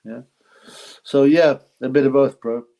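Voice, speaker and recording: A man's voice: mid-range voice, fairly even intonation, unhurried, creaky, mellow, dull audio, a little hiss or hum. A man hosting a casual live stream, rambling, repeating himself, and effusively thanking donors. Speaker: livestream host reading donations.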